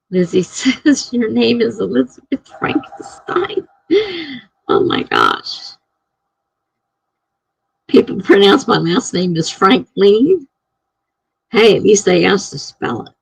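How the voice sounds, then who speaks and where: A woman's voice: mid-range voice, creaky, fairly bright tone, breathy edge, no room sound, poor audio. A middle-aged woman streaming live, chatting casually and chuckling as she reads out viewer comments.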